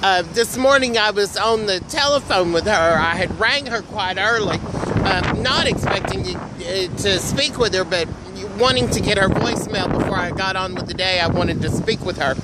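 A chatty man rambles through a story outdoors on a freezing day, throwing in big theatrical exclamations. His voice catches with a frog in the throat from the cold, and he keeps clearing it. Heavy wind rushes across the phone mic. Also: sits high. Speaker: vlogger telling a story. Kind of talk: casual storytelling to camera. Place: outdoors at a filling station in freezing weather.

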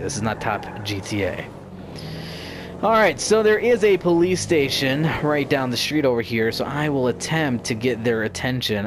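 A man's voice: mid-range voice, vocal fry. A young man with a mid-range voice talks over his game footage with playful, jumpy energy, often poking fun at himself. Faint ambient noise sits under his voice. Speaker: gaming YouTuber. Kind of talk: casual gameplay commentary.

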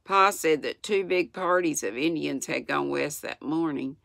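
A woman in her sixties with a Southern US accent, reading a children's book aloud in a gentle, unhurried way with small slips. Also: low voice, vocal fry, dry recording, studio quality. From United States. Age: 60s. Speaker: channel host reading aloud. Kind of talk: storybook read-aloud.

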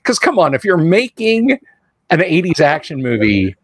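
A man hosting a casual podcast chat about movies, rambling and animated with quick asides. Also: on the high side, slightly rough. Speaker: podcast host.

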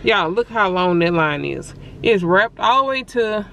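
A woman's voice: medium pitch, lively intonation, a little slow, gravelly, few pauses, a bit bright, a little hiss or hum, low-quality recording. A woman co-hosting a casual vlog from her car, full of sassy, teasing banter. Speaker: vlog co-host. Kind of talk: casual vlog chat and ordering. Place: car at a drive-thru.

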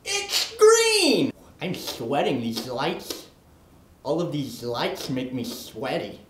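A performer voicing a boastful oddball man who wants to be a leprechaun, in a comedy sketch monologue, lurching from manic shouts to low mutters. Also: wildly swooping pitch, slow. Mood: muttering. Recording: roomy echo.

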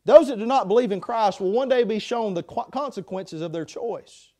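A man preaching a sermon in a chapel, passionate, swinging between loud pleas and hushed passages. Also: high voice, moderate pace.

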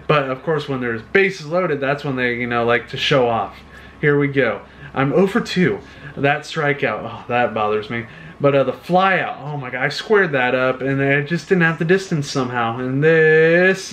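A man giving live commentary on his own video game play, excitable and talking to himself, groaning at misses and cheering at hits. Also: mid-range voice.

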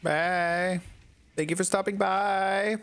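A man's voice: high-pitched, steady tone, slow pace, a bit bright, smooth. A man casually commenting as he plays a video game, chatting to the characters on screen. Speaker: gaming channel host. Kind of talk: casual let's-play commentary.

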